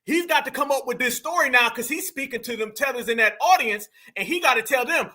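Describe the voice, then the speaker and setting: High, bright-voiced man mocking in heated commentary. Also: brisk, few pauses. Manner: combative and mocking, with slang and rhetorical questions. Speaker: commentary host.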